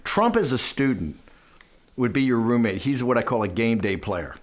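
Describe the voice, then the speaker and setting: Animated man telling a rambling story. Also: mid-range voice, normal speed. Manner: rambling, animated, restarts and acts out quoted dialogue. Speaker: interviewee. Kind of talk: conversational storytelling.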